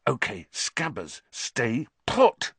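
A man voicing a hot-tempered teenage boy in an audiobook, hissing and snapping in sharp outbursts. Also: medium pitch, huge pitch swings, slow pace, creaky, slightly rough, no room sound, exaggerated voice. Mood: frantic hissing. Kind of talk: audiobook character voice.

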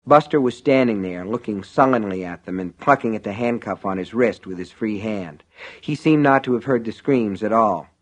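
Man narrating a thriller audiobook. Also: lowish voice. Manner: measured, vivid storytelling. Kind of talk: scripted narration.

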